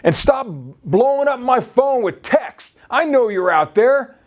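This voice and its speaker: A preacher playing a grumpy man woken at midnight who shouts at his friend to go away. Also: very high-pitched, expressive, unhurried, voice pushed up. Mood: irritated. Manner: shouting, irritated.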